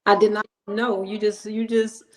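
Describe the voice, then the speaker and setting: A woman's voice: medium pitch, level tone, normal speed, a little hiss or hum. Woman, co-reviewer, casual, short agreeing replies. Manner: responsive listener, many short agreements. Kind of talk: casual chat.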